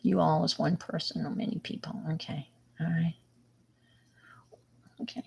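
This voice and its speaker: A middle-aged woman with a New York accent hosts a livestream, chatting casually with viewers and rambling with lots of fillers and restarts. Her deep voice is gravelly with a breathy edge, holding a level tone at normal speed.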